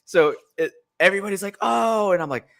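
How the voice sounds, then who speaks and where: A man's voice: mid-range voice, fast talker, fairly bright tone. A man hosting a casual fight breakdown podcast, laid-back and chuckling, retelling moments in quoted voices. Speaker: podcast host.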